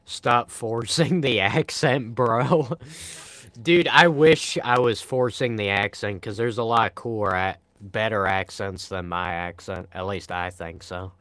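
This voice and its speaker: A man's voice: fairly low pitch, a little slow, fairly bright tone, clear, resonant tone, no room sound. A young man live streaming, chatting casually and answering viewer comments in a laid-back, rambling way with frequent sighs.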